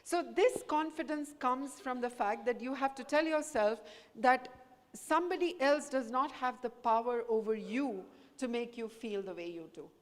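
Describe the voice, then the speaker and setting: A woman's voice: fairly high pitch, moderate pace. Earnest woman speaker in an echoey hall. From India. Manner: earnest, encouraging, mixes Hindi into English. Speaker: guest speaker, professor. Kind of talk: talk to students. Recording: echoey hall with long reverb.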